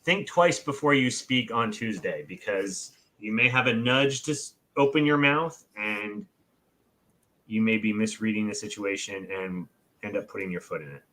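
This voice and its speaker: A man's voice: on the low side, normal speed, pushed and bright. A man co-hosting a casual astrology chat, rambling and restarting his sentences often. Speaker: co-host. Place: alone in his own room.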